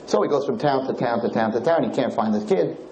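A man lecturing on Torah, telling a parable in an animated, repetitive storytelling manner. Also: medium pitch, fast talker, roomy sound, a little hiss or hum, poor audio. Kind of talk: sermon storytelling.

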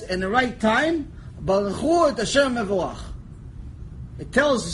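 A man teaching a Torah lecture, animated storytelling that jumps between quiet asides and shouted lines, joking with his listeners. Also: high-pitched, normal speed, slight background noise, poor audio. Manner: animated storytelling, acts out voices, jokes, shouts for emphasis. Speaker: rabbi teaching a lecture series.

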